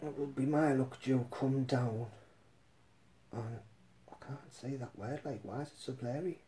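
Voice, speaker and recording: A man's voice: mid-range voice, measured pace, slight background noise. A man rambling casually on a live stream between songs, swearing and laughing often. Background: loud acoustic guitar.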